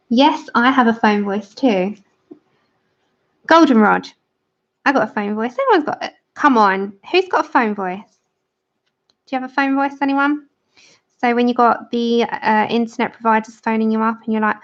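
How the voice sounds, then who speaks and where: A woman's voice: fairly high pitch, unhurried, long pauses. Chatty British woman, lo-fi stream. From Britain. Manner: chatty, laughs often, reads out viewer comments. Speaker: livestream host. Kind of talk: casual chat while colouring. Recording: dull lo-fi stream audio.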